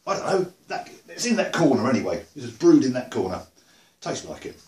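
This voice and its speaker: Rambling English bloke in a roomy room. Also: male voice, medium pitch, big pitch swings, quick pace, darkish tone. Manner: chatty, dry humor, rambling asides. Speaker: video blogger. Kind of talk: casual rambling vlog. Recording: roomy echo.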